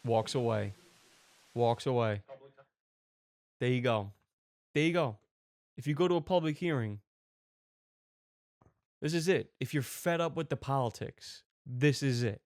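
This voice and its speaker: A man hosting a comedy reaction show, riffing excitedly on a video clip. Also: mid-range voice, unhurried, pauses often, dry recording, studio quality. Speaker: comedy commentary host. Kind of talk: comic video reaction commentary.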